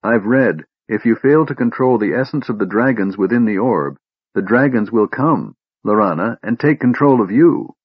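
A man voicing a small, anxious male kender with a shrill, pleading, faltering voice, on a dull lo-fi audiobook recording. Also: expressive, normal speed, breathy edge, no echo.

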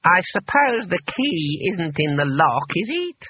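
A man voicing a pompous old wizard teacher who speaks slowly and haughtily, over a tinny, lo-fi line. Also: high voice, big pitch swings, breathy edge, voice pushed up, heavily acted. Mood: haughty, sheepish. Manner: slow, haughty, drawn-out. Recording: tinny, lo-fi, distant-sounding.

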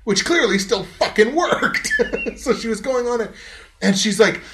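A man hosting a casual podcast, telling a story in a lively, profane way and laughing often. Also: very high voice, measured pace, roomy sound, slight background noise. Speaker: podcast host.

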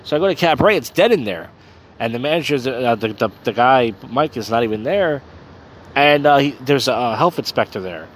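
Man, podcast host, tipsy, casual rambling, crude humor, lots of fillers, middle pitch, faint background noise. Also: lively intonation, a little fast. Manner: crude, meandering storytelling full of fillers. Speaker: podcast host and open mic host.

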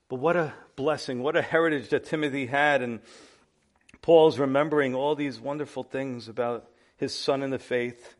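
A man preaching a sermon as pastor, impassioned and swinging between hushed and loud passages. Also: medium pitch.

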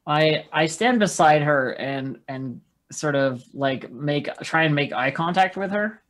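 A tabletop player talking casually, halting and thinking aloud about what to do next. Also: medium pitch, animated, a bit bright.

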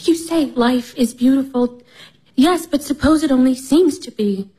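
A woman's voice: high-pitched, measured pace, breathy edge, poor audio. An actress in her twenties playing a wistful, restless young woman longing for purpose, in a radio drama. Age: 20s. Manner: soft and brooding.

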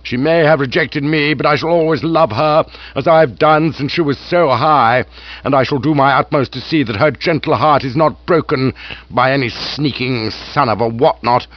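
A man voicing a hulking, bullying aristocrat who speaks with loud contempt and menace. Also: medium pitch, no echo, muffled recording, natural voice.

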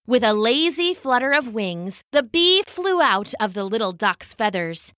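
Slow, lively woman storyteller. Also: a little high, dry recording, studio quality. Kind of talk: children's story reading.

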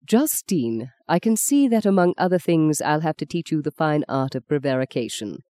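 A reader voicing Arthur, a suave man who speaks slowly and coaxingly, with a theatrical touch. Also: medium pitch, big pitch swings, mellow, natural voice.

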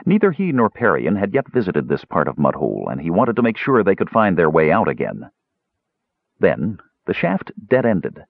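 A man with a husky voice narrating a fantasy audiobook in a measured, expressive way. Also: low voice, dry recording, narrow, tinny audio.

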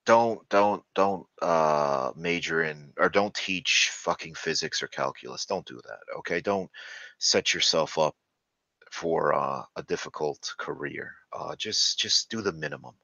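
A man with a very low, bright, forceful voice rants with crude contempt, full of stammered restarts. The recording is dry and dull, like cheap lo-fi. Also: unhurried, creaky, no room sound. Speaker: channel host. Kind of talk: ranting monologue.

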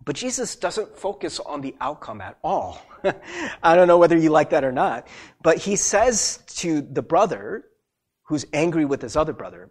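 Man, pastor, sermon, high voice, lively pitch, conversational asides. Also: normal speed, husky. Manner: animated, conversational preaching with many asides.

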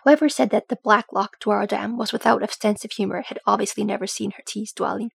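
A woman narrating a storybook calmly, her voice gravelly with a husky grain. The recording is dry and close, with no room sound at all. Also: mid-range voice, brisk, no room sound. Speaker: audiobook reader.

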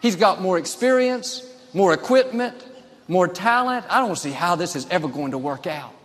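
Guy doing a nervous young shepherd, kinda high and worried, big echoey hall. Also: animated, normal speed, fairly bright tone. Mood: doubtful. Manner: anxious, listing reasons to give up. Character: young male shepherd, doubtful and daunted.

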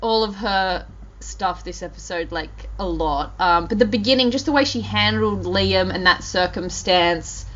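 A woman's voice: mid-range voice, unhurried. Chatty woman on a lo-fi recording. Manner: chatty, animated, many fillers and restarts. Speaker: podcast co-host. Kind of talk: casual chat. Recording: dull lo-fi audio.

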